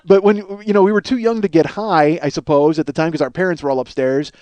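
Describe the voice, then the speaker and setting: A man's voice: a little high, quick pace, darkish tone, no echo. A middle-aged man hosting a solo podcast, telling rambling, crude, self-mocking stories. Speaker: podcast host.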